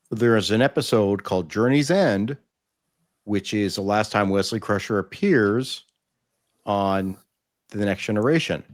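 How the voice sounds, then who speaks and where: A man hosting a TV review podcast, reading a scripted intro and then explaining plot points in casual chat. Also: on the low side. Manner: explanatory, with frequent fillers and restarts in chat. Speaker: podcast host reviewing TV episodes.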